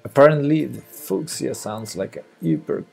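A man's voice: medium pitch, expressive, normal speed, gravelly, a little mellow, breathy edge, faint music behind. A man with a Spanish accent, thinking aloud and chatting with viewers during a late-night coding live stream. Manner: thinking aloud, muttering to himself, answering chat. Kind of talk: casual live-stream chat while coding.

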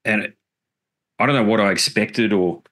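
A man's voice: on the low side, moderate pace, a bit bright. A middle-aged man, a podcast guest telling a personal story in an earnest, reflective way with casual swearing. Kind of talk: casual interview chat.

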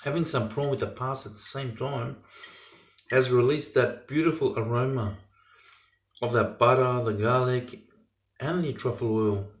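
Pots and pans clatter in an echoey home kitchen as a man cooks and talks eagerly to his viewers for a casual cooking vlog. His voice is medium in pitch, at normal speed.

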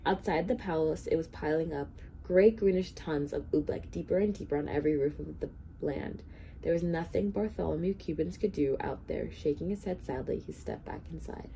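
A woman volunteer reading a children's storybook aloud in an expressive, steady way. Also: deep voice, normal speed, vocal fry, slight background noise. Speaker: hospital volunteer reader.

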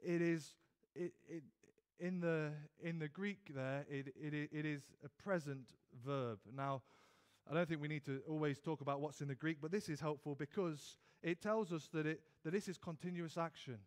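A British man delivers an earnest evening sermon in a church, his voice sitting a little higher than most men's. He often stumbles over and repeats words, then presses his points with rising emphasis. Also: fairly even intonation, normal speed. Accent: British English. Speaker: preacher.

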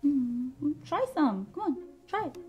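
A woman's voice: high voice, very animated, unhurried, warm tone, highs cut off, faint music behind. An actress playing a bubbly, pushy young girlfriend who coaxes and hums in a sing-song way in a comedy film. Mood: coaxing, bubbly.

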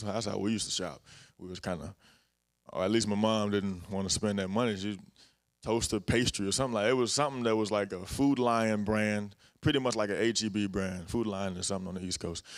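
Man preaching casually. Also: fairly low pitch. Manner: casual, conversational preaching with anecdotes and repetitions. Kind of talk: sermon.

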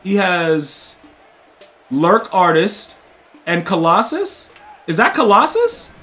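High-voiced trash-talking gaming streamer man. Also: slow pace. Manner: excitable, trash-talking, repeats "dude" and "bro"; bursts into loud shouting. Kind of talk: live gameplay commentary to chat.

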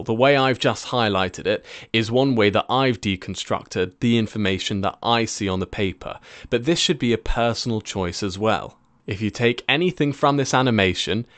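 A man teaching presentation skills in a clear, methodical, encouraging way. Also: lowish voice, fairly bright tone, no room sound. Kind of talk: instructional tutorial.

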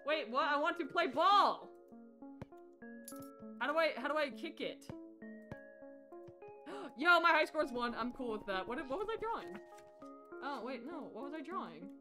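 A woman streaming a game live, excitable and chatting to her viewers as she plays. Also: sits high, moderate pace, long pauses. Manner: excitable, gasps and squeals at the game. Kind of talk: live gameplay commentary. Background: faint game music.

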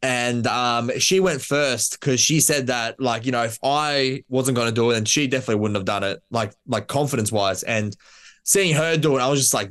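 Shooter telling a story. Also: male voice, medium pitch, moderate pace. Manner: relaxed storytelling, laughing asides, fillers. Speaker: Olympic shooter guest. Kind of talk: casual interview.

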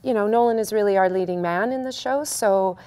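Young Canadian actress, chatty and animated, mid-pitched. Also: female voice, brisk, smooth. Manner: animated, chatty, laughs easily. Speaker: musical theatre actor. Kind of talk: casual Q&A chat.

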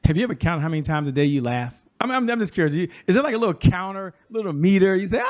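A man's voice: high-pitched, very animated, fast talker, few pauses, darkish tone, dry recording. A man hosting a talk show, upbeat and speaking straight to the viewers. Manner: upbeat, addresses viewers directly.

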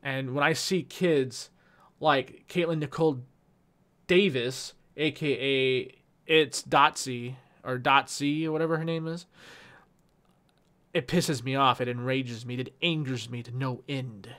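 A man's voice: medium pitch, steady tone, measured pace, fairly bright tone. A man giving an impassioned, heated vlog rant, swearing often and restarting his sentences. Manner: heated, profane, with frequent restarts. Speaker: YouTuber.

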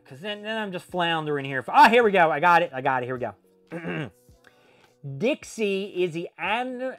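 A man hosting a casual collectible video, rambling, correcting himself and poking fun at his own slips. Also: fairly high pitch. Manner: rambling, self-mocking, trailing off. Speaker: host. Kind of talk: casual unboxing chat.

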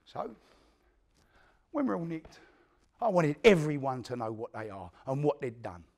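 With a medium-pitched voice marked by vocal fry, a man speaks a little slowly as he performs a theatrical monologue for a live crowd. Playing an East End career criminal in a one-man play, he tells his violent tale in rough, profane East London slang, heavily acting it out and voicing other people's words, the mood gritty.

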